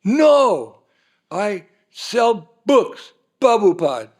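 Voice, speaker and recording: A man voicing a stubborn, simple-hearted male devotee who speaks halting, broken English. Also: a little high, fairly even intonation. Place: dinner hall, indoors.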